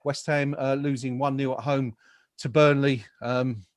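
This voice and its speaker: A man's voice: medium pitch, fairly even intonation, measured pace, dry recording. Man, football podcast host, rambling, dry close mic. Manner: rambling with many fillers and jokes. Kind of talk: casual football chat. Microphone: home mic, remote call.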